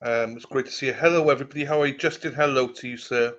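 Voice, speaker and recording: A man hosting a loose, rambling livestream. He greets viewers one by one and drops casual swearing in a mid-pitched voice. The audio is a little muffled and lo-fi. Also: fairly even intonation, fast, fairly bright tone. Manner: chatty, greets viewers by name, swears freely. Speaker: livestream host.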